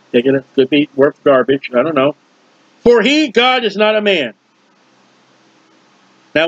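A man preaching a verse-by-verse Bible teaching, animated and questioning his listeners. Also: on the high side, husky, dry recording. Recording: dull lo-fi dry recording.

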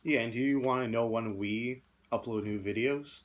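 A man's voice: medium pitch, moderate pace. A man co-hosting a casual product review, easygoing and agreeable, with hesitant fillers. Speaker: co-host of a fragrance review channel.

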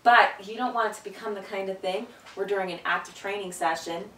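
A woman's voice: a little fast, distant mic. A woman dog trainer explaining a training exercise between upbeat commands and praise to her dog. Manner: explains calmly, then gives sharp upbeat commands and high praise to the dog. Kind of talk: hands-on training demonstration. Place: indoor room with a dog. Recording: echoey room, voice from off-mic.

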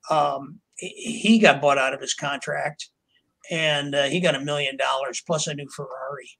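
A man's voice: mid-range voice, fairly even intonation, moderate pace, creaky, a bit bright, poor audio. An older man, a writer being interviewed, telling long anecdotes with plenty of fillers and restarts. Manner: rambling, with many fillers and acted quotes of others. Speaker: author and interview guest. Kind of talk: anecdotal storytelling in a podcast interview.

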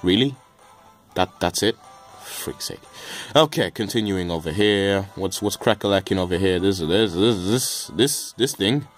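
A man's voice: sits low, unhurried, faint music behind. A man giving casual, joking commentary over a video game, rambling with mild swearing and stammered restarts. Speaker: let's play gamer.

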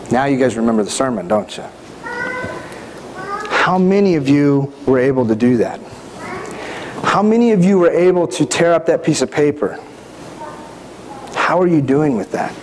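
A middle-aged man delivers a sermon in a church sanctuary, chatty and informal, tossing questions out to his congregation. His voice sits a touch high for a man. The sound carries a long hall reverb over a faint background hiss. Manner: conversational, asks the congregation questions. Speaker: pastor.

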